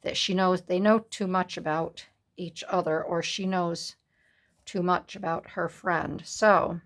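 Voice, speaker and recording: Chatty lady doing a collage vlog, bit of vocal fry, laughs easy. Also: lowish voice, steady tone, unhurried. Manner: chatty, storytelling, laughs easily. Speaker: collage artist hosting a craft challenge. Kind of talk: casual chat while crafting.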